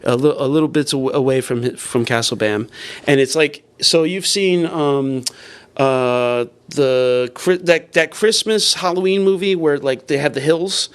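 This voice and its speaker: A man's voice: a little high, measured pace, clear, resonant tone. A man, a comedian guest, telling a long story casually, full of restarts and swearing. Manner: rambling with many restarts and swearing.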